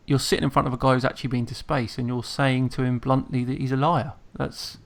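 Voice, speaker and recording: Gravelly man hosting a casual chat. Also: mid-range voice, flat delivery, quick pace. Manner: laughs often, repeats words as he talks. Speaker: host. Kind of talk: casual live-stream chat.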